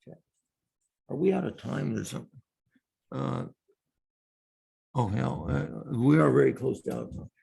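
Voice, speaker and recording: A man's voice: mid-range voice, lively intonation, a little slow, creaky, long pauses, mellow. A male professor giving a university lecture in a classroom, explaining step by step and repeating key terms.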